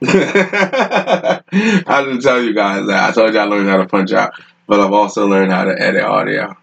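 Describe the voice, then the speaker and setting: Husky low-voiced man rambling on a podcast. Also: a bit bright, highs cut off. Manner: rambling, profane, laughing often. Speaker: podcast host. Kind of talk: casual solo storytelling.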